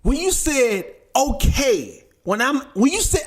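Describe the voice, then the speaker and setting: A man with a high, very lively voice, middle-aged, chatting on a podcast. He tells his story with energy and acts out every line of dialogue in it. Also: unhurried, breathy edge. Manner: animated storyteller who acts out quoted dialogue. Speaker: podcast co-host. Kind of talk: casual chat.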